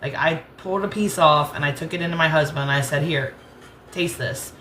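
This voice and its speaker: Laughing easily as she rambles through a cooking session in her home kitchen, a rural Southern woman from the United States hosts her cooking channel. Her deep voice is fairly bright and a little fast. There's reverb in the room and slight background noise.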